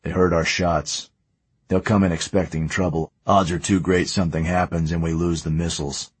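A man's voice: deep voice, level tone, normal speed, husky, dry recording. A man doing Gable, terse decisive operative. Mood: curt. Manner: terse, clipped orders. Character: calm, decisive male operative in charge.

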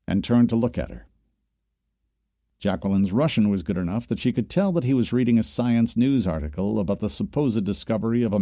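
A male audiobook narrator with a low, mellow voice, reading in a steady, measured way. The sound is close and very dry. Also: no room sound. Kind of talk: scripted narration.

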